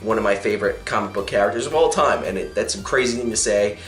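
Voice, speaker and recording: A man's voice: fairly low pitch, fast talker, fairly bright tone. A young man casually reviewing a comic, recapping the plot in a rambling way with many fillers and restarts. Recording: echoey room with faint music.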